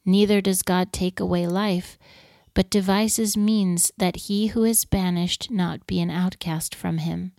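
Woman scripture reader, even and measured, lowish mellow tone, dry close sound. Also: vocal fry, no echo. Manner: measured, steady reading aloud.

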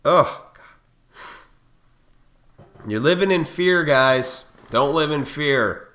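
Bright-voiced man ranting bluntly. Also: on the high side, expressive, slow. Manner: blunt, profane, lecturing; heated, fired up. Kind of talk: ranting monologue to viewers.

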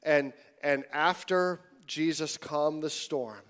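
A man preaching a sermon in a conversational, animated way, sometimes dropping to hushed tones. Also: a little high, normal speed. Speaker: pastor.

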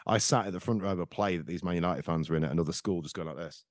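Rapid-talking podcast host, man. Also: low voice, no echo, studio quality. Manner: rambling anecdotes, jokey. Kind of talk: casual football chat.

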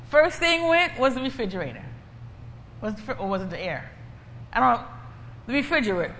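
A woman's voice: a little high, big pitch swings, fairly quick, pauses often, fairly bright tone. A woman preaching and giving a personal testimony in an emphatic, repetitive, conversational way. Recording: echoey hall, faint ambient noise.

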